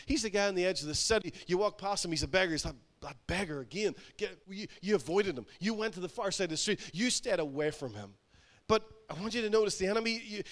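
A male pastor preaching a sermon, emphatic and repetitive, building to loud exhortation. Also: high-pitched.

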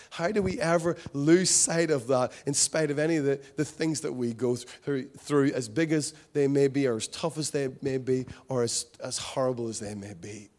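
A man's voice: medium pitch, a little mellow. A man preaching a sermon, impassioned, often repeating phrases for emphasis. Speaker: pastor.

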